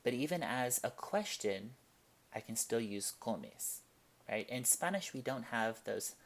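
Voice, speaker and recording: A man leads a language lesson at an unhurried, measured pace. His pitch sits in the ordinary middle range for a man. He explains each point deliberately and reads out example sentences with care. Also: animated, vocal fry. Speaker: Spanish teacher. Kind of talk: classroom-style language lesson.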